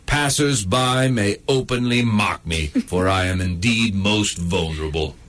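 A man's voice: lowish voice, measured pace, a bit bright. A man voicing a grumpy, sarcastic male dog stuck in a cone, in a comedic inner monologue. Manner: sardonic, self-pitying and crude.

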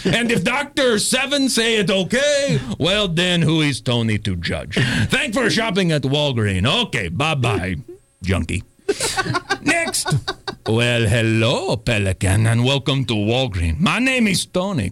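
A menacing, swaggering gangster pharmacist in a comedy sketch. He speaks with a thick put-on accent and broken grammar, high and swooping in pitch, drawing out his threats slowly. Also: huge pitch swings, a bit bright, full character voice. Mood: threatening. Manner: threatening, laughing at his own jokes.

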